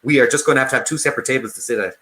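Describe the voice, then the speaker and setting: A man's voice: medium pitch, very fast, pushed and bright. An Irish man hosting a live quiz stream from home, joking and reading out viewers' comments. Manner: jokey, laughs often, reads out viewer comments. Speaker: quiz host. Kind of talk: casual live-stream chat.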